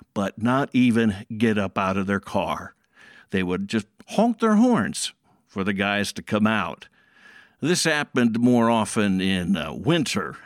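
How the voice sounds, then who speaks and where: A man tells a story in a relaxed, folksy, conversational manner. His pace is slow and measured, and the close recording is dry with no room sound. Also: lowish voice, no echo.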